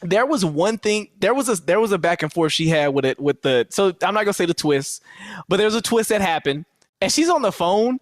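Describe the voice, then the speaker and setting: A man's voice: high voice, no room sound, clean studio sound. A man co-hosting a movie podcast, ranting casually and acting out quotes in voices. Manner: animated, profane, acts out quotes in voices. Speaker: podcast co-host. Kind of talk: casual movie review chat.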